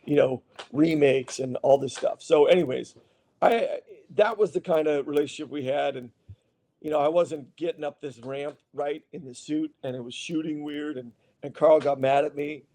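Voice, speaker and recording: Gravelly-voiced man telling stories. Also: on the high side, moderate pace, mellow. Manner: rambling anecdotes with many restarts and fillers; acts out other people's lines when retelling. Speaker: guest actor. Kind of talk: casual storytelling interview.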